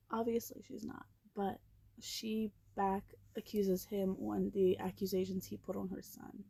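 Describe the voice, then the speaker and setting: A young woman casually recapping a movie while she watches it at her computer, blunt and profane, with animated reactions and quiet asides. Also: medium pitch, gravelly, husky.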